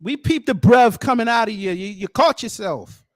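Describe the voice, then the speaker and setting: A man hosting a commentary show, reacting in a mocking, slangy and animated way. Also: high voice, normal speed, dry recording.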